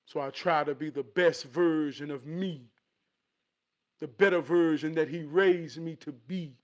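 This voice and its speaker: A man giving a casual motivational talk in an animated, preachy way, with streetwise slang. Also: a little high, unhurried, muffled recording.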